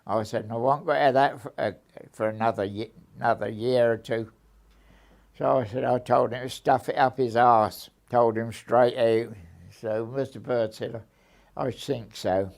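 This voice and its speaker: A man's voice: medium pitch, darkish tone. An older man, recounting his past in an oral history interview and acting out old conversations. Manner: unhurried, repeats himself, acts out old conversations.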